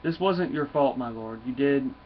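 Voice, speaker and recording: A man's voice: mid-range voice, normal speed, natural voice. A man voicing an earnest, deferential female Viking warrior in formal speech, with dull lo-fi sound and faint noise.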